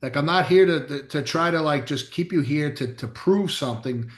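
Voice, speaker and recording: A man's voice: on the high side, normal speed. A middle-aged man, a chiropractor co-hosting a casual chat, telling blunt, emphatic stories with some mild swearing. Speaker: chiropractor, podcast co-host. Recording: echoey room.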